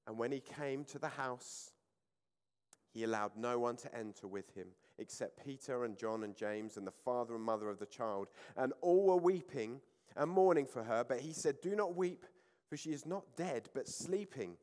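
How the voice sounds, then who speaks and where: A man preaching a sermon, reading scripture aloud with rising emphasis and then explaining it in calm, conversational reflection. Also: mid-range voice, moderate pace. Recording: church hall with long reverb.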